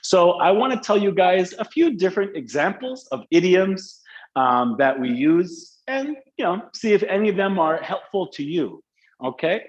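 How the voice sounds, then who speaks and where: A man's voice: high voice, sing-song, normal speed, lo-fi sound. A man teaching an English class live online, in a casual, joking, slangy way. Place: Dubai.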